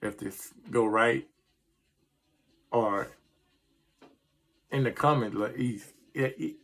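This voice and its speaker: Slow and medium-pitched with a bit of brightness, a middle-aged man vlogs about sports. He rambles through a casual, frustrated rant about his team, fumbling his words along the way.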